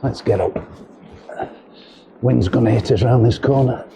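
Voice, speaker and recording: Gravelly and mid-range, this middle-aged vlogger's voice runs a little slow as he walks and films through narrow yards and windy outdoor steps. It's a casual walking vlog where he chats, cracks jokes and rambles with ums, recorded on a camera mic with a windshield.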